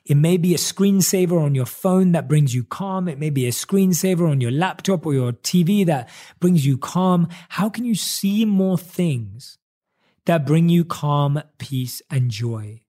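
A man speaking earnestly to listeners about coping with loneliness, repeating phrases and slowing down to stress key words. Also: fairly high pitch, warm tone. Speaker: self-help speaker. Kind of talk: motivational monologue to camera.

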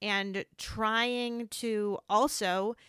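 A woman's voice: mid-range voice, steady tone, very slow, a bit bright, smooth, dry recording, clean studio sound. A woman hosting a casual, heartfelt conversation, speaking earnestly and reassuringly about grief.

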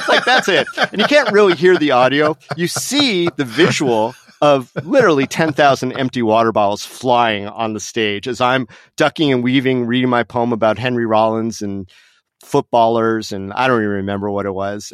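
A man's voice: medium pitch, normal speed, fairly bright tone, clear, resonant tone, no room sound, clean studio sound. A middle-aged man from Las Vegas, a podcast guest telling an anecdote in casual chat, laughing often and acting out the voices of others. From Las Vegas, USA.

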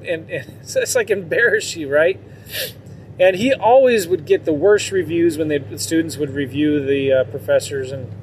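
A man chats candidly to his audience, wandering from point to point and chuckling often. His voice sits a bit high for a man. A faint hum of traffic and ambient noise runs under him. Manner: rambling, candid, laughs often. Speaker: vlogger. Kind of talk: casual monologue to viewers.

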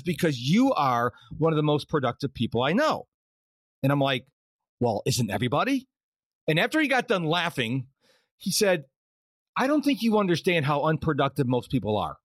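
A man's voice: fairly high pitch, fairly quick, no room sound. A middle-aged man hosting a podcast, telling stories in casual chat and acting out the voices of people he quotes. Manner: animated storyteller who acts out quoted dialogue. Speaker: podcast host.

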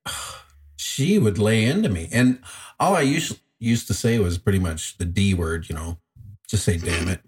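A man's voice: fairly low pitch, animated, measured pace, a little mellow, husky. A middle-aged man co-hosting a podcast, easygoing as he tells stories about home. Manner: easygoing storyteller, telling anecdotes about his daughter. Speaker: podcast co-host. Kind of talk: casual podcast chat.

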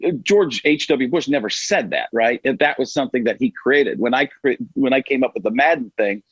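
A man's voice: mid-range voice, fairly quick, slightly rough, dry recording. A middle-aged man, a guest comedian, chatting animatedly and jokily on a video call. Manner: animated, jokey, slips into voices. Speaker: guest impressionist. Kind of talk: casual interview chat. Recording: dull lo-fi video call audio.

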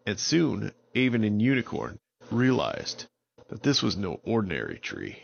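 Unhurried low-voiced male storyteller. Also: gravelly, dull audio. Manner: relaxed, unhurried, with small restarts. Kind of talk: improvised bedtime storytelling.

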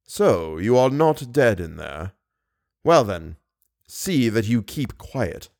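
A man voicing a cold, menacing masked genius who speaks slowly and with icy composure. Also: mid-range voice, big pitch swings, no room sound, clean studio sound, natural voice. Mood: coldly menacing. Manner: slow, deliberate, icily composed.

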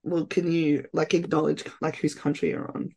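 A woman's voice: low-pitched, moderate pace, gravelly, husky. Laughing Australian woman hosting a podcast. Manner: laughs often, reads quotes in a flat mocking voice. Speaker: podcast host. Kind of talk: casual political chat.

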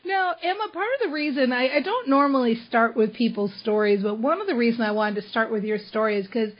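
Brief: eager woman interviewer, husky, muffled audio. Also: a little high, expressive, fairly quick. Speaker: podcast host. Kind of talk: casual interview chat. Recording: dull lo-fi audio.

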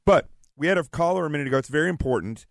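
A man's voice: on the high side, lively intonation, rapid-fire, creaky, no room sound. A man from the American South filling in as a talk radio host, chatting and joking in the studio while nursing a cold. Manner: joking, chatty, plugs his book. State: has a cold. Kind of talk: casual talk radio banter. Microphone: studio microphone.

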